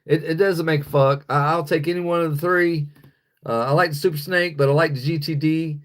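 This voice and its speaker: A man's voice: a little high, fairly even intonation, brisk, fairly bright tone. An American man hosting a livestream, ranting angrily and profanely while reading chat. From United States. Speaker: livestream host. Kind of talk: live-stream rant reading chat.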